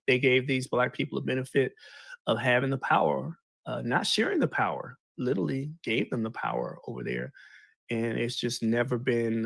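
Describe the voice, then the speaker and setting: A man casually explaining history in an animated, slangy way, retelling events with paraphrased quotes. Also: medium pitch, creaky, dry recording.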